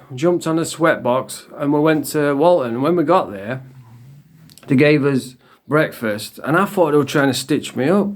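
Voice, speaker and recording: A man tells jail stories in a casual, blunt way. His voice sits a bit higher than most men's. He swears freely and keeps a dry sense of humour. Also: darkish tone. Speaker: former prisoner telling stories. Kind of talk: casual storytelling to camera.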